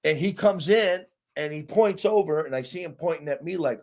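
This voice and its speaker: A middle-aged man from Arkansas, a basketball coach, telling stories as an interview guest in an emphatic, animated way. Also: a little high, moderate pace. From Arkansas, USA. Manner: emphatic, animated storyteller who acts out quotes. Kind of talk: storytelling in an interview.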